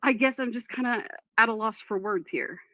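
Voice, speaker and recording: A woman's voice: fairly high pitch, normal speed, a bit bright, no echo. A woman talking casually on a live stream, frustrated and distracted while reading chat and apologizing. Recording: dull dry lo-fi mic.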